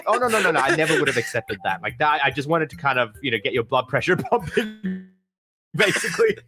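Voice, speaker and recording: A young man telling funny stories in a casual chat, animated and joking. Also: a little high, fast, soft background music. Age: young adult.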